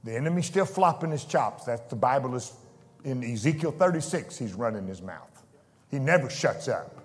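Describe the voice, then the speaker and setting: A man preaching a fervent sermon, swinging from soft asides to shouted declarations. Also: mid-range voice, animated, normal speed, in a large hall. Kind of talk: pentecostal sermon. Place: church sanctuary.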